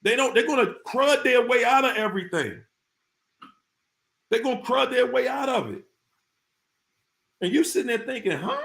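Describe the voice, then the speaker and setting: Lively high-voiced man on a live stream. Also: normal speed, creaky, long pauses. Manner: repetitive, emphatic, speaks in informal slang. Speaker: live-stream host talking about narcissists. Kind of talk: casual live-stream talk to viewers.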